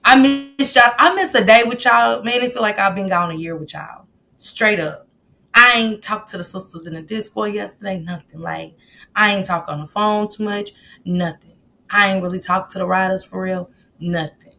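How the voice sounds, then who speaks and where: A woman's voice: mid-range voice, moderate pace, vocal fry, bright, forceful tone. A middle-aged woman hosting a casual livestream, greeting chat viewers by name in loose, slangy talk. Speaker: livestream host.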